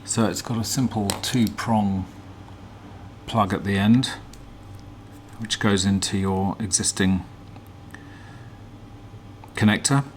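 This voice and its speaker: A man hosts a casual teardown video, explaining each part in a relaxed, hesitant way with plenty of ums. His voice is low-pitched, and a faint noise runs underneath. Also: takes it slowly, pauses often. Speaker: vlog host.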